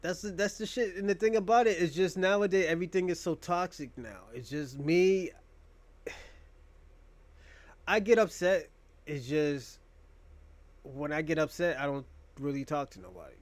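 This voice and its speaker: A man's voice: high-pitched, a little slow, pauses often, dry recording. A man talking to his viewers in a loose, crude, rambling monologue. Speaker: streamer.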